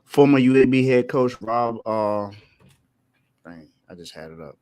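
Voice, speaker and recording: A man's voice: mid-range voice, animated, a little slow, darkish tone, no echo. A man on a sports podcast reading out college news items between casual chat. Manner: reads news items, brief interjections. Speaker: podcast co-host.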